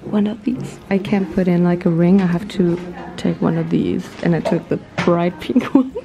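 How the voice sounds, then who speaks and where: A woman's voice: fairly low pitch, normal speed, vocal fry. A young woman talking to a handheld camera in a casual vlog, giggly and self-mocking. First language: German. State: groggy morning voice. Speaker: vlogger.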